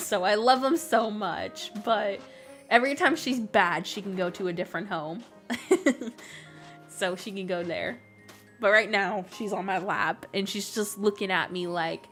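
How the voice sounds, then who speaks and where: A woman's voice: medium pitch, a bit bright. A woman live streaming a game, chatting casually, rambling and laughing often as she jokingly complains about her pets. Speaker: gaming streamer.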